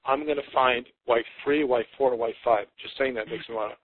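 A psychotherapist in his fifties, appearing as a podcast guest, speaks earnestly and reflectively in a conversational interview, often stopping and restarting. His mid-range voice is slightly rough and a little fast, with fairly even intonation. The recording is a dry, tinny, phone-like line with no room sound.

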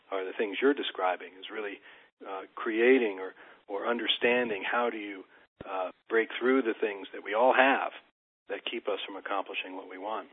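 A man's voice: lowish voice, husky. A man hosting a radio interview, rambling and searching for words as he speaks. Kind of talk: interview conversation. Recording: tinny phone-like line.

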